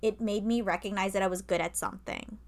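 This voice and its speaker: A woman co-hosting a relaxed podcast, chatting loosely and peppering her talk with "like" and casual swearing. Her pitch sits in an ordinary middle range for a woman. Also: fast. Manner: chatty, swears, lots of "like" fillers. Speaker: podcast co-host. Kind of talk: casual chat.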